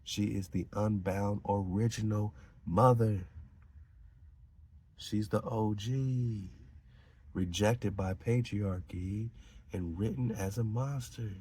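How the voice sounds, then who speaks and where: Male podcast host, deep and husky, slow, emphatic lore riffing. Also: fairly even intonation, darkish tone. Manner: emphatic, preachy, laughs between lines. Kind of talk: reading aloud and riffing on esoteric lore.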